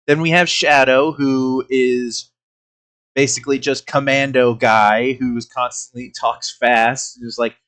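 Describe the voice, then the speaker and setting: A man's voice: medium pitch, steady tone, a little slow, fairly bright tone. Laid-back man reacting and laughing. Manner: laughs often, swears and restarts loosely. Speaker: reaction streamer host. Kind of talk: casual reaction commentary.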